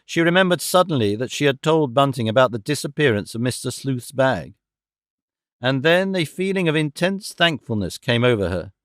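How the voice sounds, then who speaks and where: A man narrating an audiobook in a steady, even-toned way on a close studio mic. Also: mid-range voice, no room sound. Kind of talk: scripted narration.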